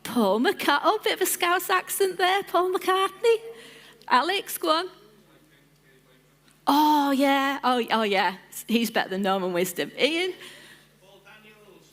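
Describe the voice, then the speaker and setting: A woman gives an informal sermon to her church congregation. She is chatty and playful and calls on people by name, and her voice sits fairly high. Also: fairly bright tone. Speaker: church lead team member, preacher. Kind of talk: informal sermon with audience interaction.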